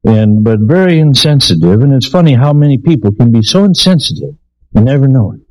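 A man's voice: mid-range voice, expressive, brisk, a little mellow, poor audio. A man preaching a sermon in a folksy storytelling way, with many fillers, acting out the people in his stories.

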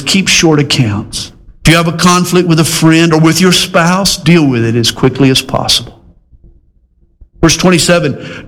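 A high-voiced man delivers a sermon. He mixes folksy humor with loud, emphatic exhortation that swings up high and then settles into slow, low, earnest lines. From American South. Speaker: preacher.

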